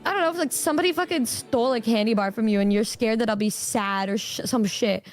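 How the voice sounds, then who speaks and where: A woman's voice: a little high, quick pace, soft background music. A woman streaming, chatting casually in a blunt, exasperated way and swearing often. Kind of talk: casual chat.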